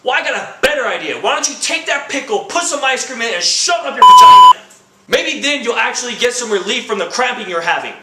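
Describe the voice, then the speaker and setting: A young man delivering a comedic rant, acting out quoted lines and bursting into shouts. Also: extremely high pitch, lively intonation, fast talker, hardly any pauses, roomy sound, very noisy. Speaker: comedy vlogger.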